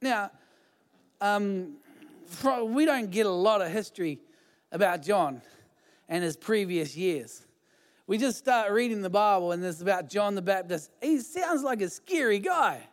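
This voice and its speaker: A man's voice: high voice, lively intonation, measured pace. A man pastor giving a sermon in a chatty, informal way, with many fillers and restarts. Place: church hall. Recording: hall reverb.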